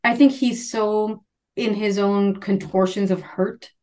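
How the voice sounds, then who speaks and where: A woman co-hosting a podcast, chatting casually about a book and acting out the characters' lines. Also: mid-range voice. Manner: animated, acts out characters' lines in quick voices. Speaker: podcast co-host. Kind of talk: casual chat recapping a book.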